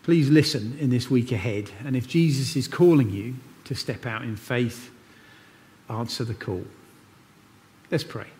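Preacher in a reverberant church. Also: male voice, medium pitch, unhurried, a little mellow, slight background noise. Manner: conversational storytelling, earnest. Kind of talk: sermon.

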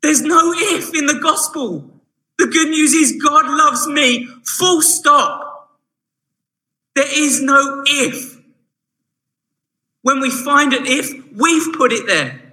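A man preaching a sermon, animated and shifting from hushed asides to emphatic points. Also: extremely high pitch, slow, poor audio.

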